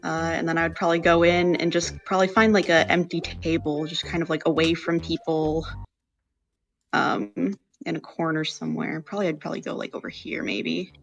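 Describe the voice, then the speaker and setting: A player with a flat, even voice rambles through their character's actions in a tabletop game, full of "like" and "probably". Faint music sits underneath. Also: mid-range voice, brisk, vocal fry, highs cut off.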